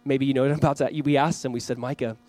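A man in his thirties preaching a Christmas Eve sermon, earnest, reading scripture slowly and acting out family scenes. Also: mid-range voice, flat delivery, a little mellow, soft background music, low-quality recording. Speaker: pastor.

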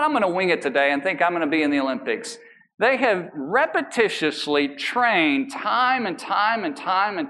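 A man preaches a sermon with a light, high-pitched voice that swoops up and down in lively rises and falls. He stretches key words out slowly for emphasis, then slips into casual, joking asides. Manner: animated, emphatic preaching with drawn-out, slow emphasis; casual asides and self-deprecating humor. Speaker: pastor.

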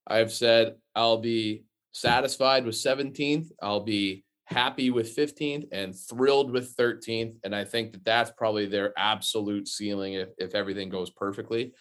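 An American man guesting on a casual football podcast, talking in a measured, earnest way with frequent restarts. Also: lowish voice, fairly even intonation, fairly bright tone. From United States.

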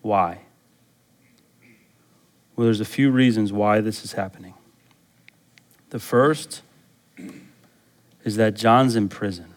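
A man preaching a sermon as a pastor, animated and conversational, often asking the congregation questions. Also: fairly low pitch, slow pace, pauses often.

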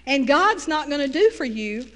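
A woman's voice: sits high, sing-song, moderate pace, a bit bright, in a large hall. A middle-aged woman with a Texas Southern accent, preaching a folksy sermon with call-and-response asides.

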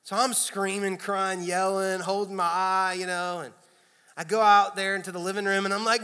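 A man in his thirties preaching a sermon in a church, telling stories with animated, self-deprecating humor. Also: high-pitched, moderate pace, smooth. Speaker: pastor. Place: church sanctuary. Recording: long hall reverb.

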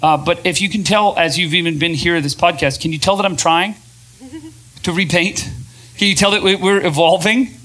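A man hosting a podcast and speaking to a live audience in an energetic, conversational way, often asking the crowd questions. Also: sits high, fairly quick. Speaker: podcast host and speaker, former pastor. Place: event venue with a live audience.

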